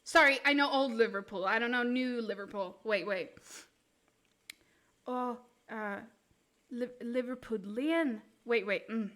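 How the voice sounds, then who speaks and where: A young woman, chatting on a live stream in a high, bright voice. She talks slowly and unhurriedly, giggling and joking as she rambles from one thought to the next. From Sweden. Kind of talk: casual live-stream chat.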